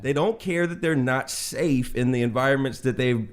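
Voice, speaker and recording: A man in his forties talks straight to the audience in a podcast discussion, earnest and impassioned. His voice is mid-pitched and he leans into each point with conviction. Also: normal speed. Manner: earnest and impassioned, addresses listeners directly.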